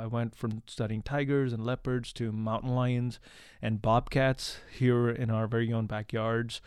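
Smooth-voiced man explaining with earnest fillers. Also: mid-range voice, darkish tone, dry recording, clean studio sound. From India. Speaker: wildlife researcher and conservationist guest. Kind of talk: conversational interview answers.

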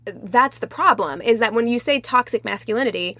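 A woman's voice: on the high side, fairly quick, pushed and bright, no room sound. A woman co-hosting a casual podcast discussion, emphatic, thinking aloud with restarts. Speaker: podcast co-host.

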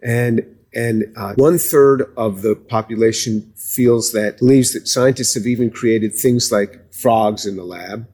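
A man with a slightly husky voice talks through cell chemistry in an interview. He speaks haltingly, repeating words and restarting sentences as he explains. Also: mid-range voice, a little mellow. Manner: hesitant, many restarts, explanatory. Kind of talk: conversational interview.

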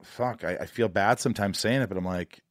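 A man's voice: fairly low pitch, fairly quick, no echo. Guy hosting a podcast, blunt and opinionated, kinda rambly, dry close sound. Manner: blunt, opinionated, drifts into asides. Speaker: podcast host. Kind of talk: casual chat.

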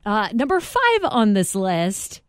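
A co-host on a morning show works through the day's headlines in casual chat and slips in quick asides between items. The voice sits at an ordinary middle pitch. It is close on a studio microphone with no room sound at all. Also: wildly swooping pitch, smooth, dry recording.

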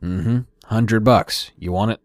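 A gruff, short-tempered middle-aged seller, as a male narrator puts him on, pitched lower and quieter than the storyteller's own voice. He answers in curt, clipped bits, dry and close. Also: slow, dry recording.

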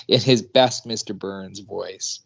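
Low-voiced male co-host, animated storyteller, lo-fi. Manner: animated storyteller, laughs often. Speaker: podcast co-host, teacher. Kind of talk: casual recap chat.

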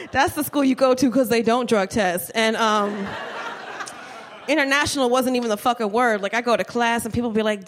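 High-voiced brash woman doing stand-up. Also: normal speed. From New Jersey, USA. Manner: brash, profane, giggly storytelling. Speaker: stand-up comedian. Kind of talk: live stand-up set. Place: comedy stage before a live audience.

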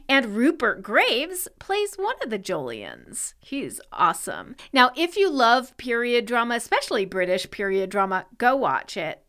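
A woman co-hosting a podcast, talking in a relaxed, chatty way. Her voice rises and falls a lot, and she takes her time. She laughs now and then as she explains things. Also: mid-range voice. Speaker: podcast co-host. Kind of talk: casual podcast chat.

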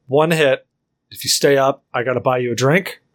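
Good-natured gruff farmer played by a man, mid pitch, casual game session. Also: normal speed, close to an everyday voice. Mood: wry.

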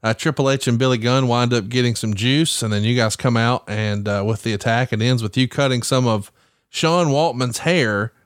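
A man with a middle-pitched voice leads the chat, asking questions and ribbing his co-host. His voice is recorded dry and close, with no room sound. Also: steady tone, moderate pace, no room sound. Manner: teasing, chatty questioner. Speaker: podcast co-host, interviewer. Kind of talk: casual interview chat.

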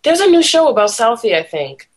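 A woman's voice: fairly high pitch, very animated, fairly quick. A young woman from the Boston area, a musician guest, chatting casually with frequent laughs and fillers. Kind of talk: casual interview chat.

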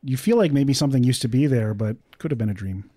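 A man running a tabletop game as game master, calmly narrating scenes and calling for dice rolls. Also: medium pitch, fast talker, no room sound, clean studio sound. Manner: calm, descriptive narration.

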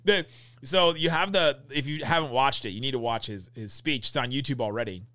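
A man's voice: mid-range voice, fairly bright tone, dry recording. A man co-hosting a podcast in casual chat, teasing his partner and laughing easily. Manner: teasing, quick to laugh, ribs his co-host. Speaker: podcast co-host. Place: event venue, recorded live on site.

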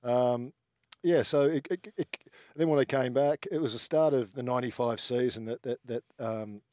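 A man's voice: medium pitch, normal speed, warm tone, no echo. A man talking as a radio guest, hesitant and self-mocking, laughing as he goes. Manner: self-mocking, laughs through his words. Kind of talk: casual radio interview.

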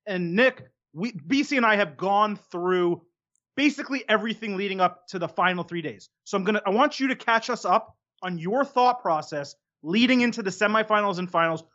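A man's voice: high-pitched, a little fast, a bit bright, highs cut off. A man hosting a podcast in a studio, steering the conversation with dry teasing. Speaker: podcast host. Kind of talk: casual podcast chat.

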